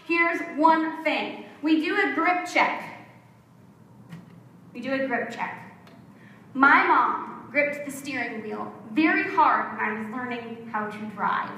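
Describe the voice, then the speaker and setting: A woman pastor preaching a sermon in a lively storytelling manner, recorded in an echoey church hall. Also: sits high, far from the mic, a little hiss or hum. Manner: lively storytelling, acts out quotes.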